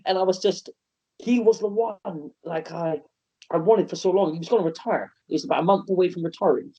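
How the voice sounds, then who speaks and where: A man's voice: sits high, fairly quick, breathy edge. Man telling wrestling stories. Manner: animated, self-mocking anecdotes with frequent restarts and laughs. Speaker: wrestler and wrestling promotion owner. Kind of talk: podcast interview storytelling. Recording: slightly muffled podcast audio.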